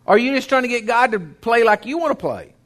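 A man's voice: very high voice, expressive, a little fast, a bit bright. A male pastor, preaching a sermon in a folksy, conversational way that builds in intensity.

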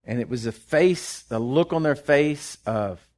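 A man preaching a sermon, impassioned, rising loud then dropping soft, often restarting his words. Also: medium pitch, unhurried.

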